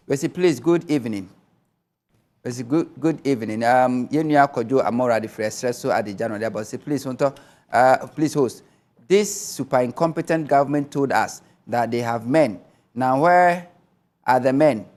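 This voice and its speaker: A Ghanaian man hosts a TV talk show and reads out viewer messages at a brisk clip. His voice sits in a middle pitch, and he drops Twi asides between the messages. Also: darkish tone. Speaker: TV host. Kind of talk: reading viewer messages on air.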